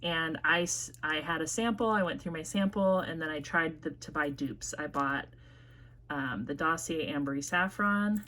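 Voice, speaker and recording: A Midwestern woman with a notably deep voice chats through a casual perfume review. She rambles freely and fills pauses with ums and likes. Her mid-sentence restarts keep it unscripted. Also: pushed and bright. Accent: American Midwest. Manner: chatty, rambling with frequent fillers and self-corrections. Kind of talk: casual product review vlog.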